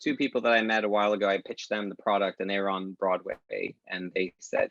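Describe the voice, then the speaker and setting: Gravelly man, animated storyteller. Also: on the low side, brisk, no room sound. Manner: animated storyteller acting out quoted dialogue. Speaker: guest, tech company founder. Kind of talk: casual podcast conversation. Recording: dull lo-fi dry sound.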